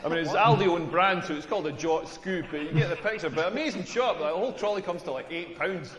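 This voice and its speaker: A man's voice: sits high, fast, a bit bright, slight background noise. A man with a Scottish accent playing a tall, crude stand-up comedian doing a rambling, self-mocking routine. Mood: deadpan. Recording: echoey hall with long reverb.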